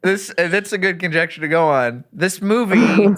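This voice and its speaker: Animated, bright-voiced man riffing on a movie. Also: high-pitched, moderate pace. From Texas. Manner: rambling, animated, laughs often. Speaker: podcast host. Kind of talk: casual comedic movie review chat.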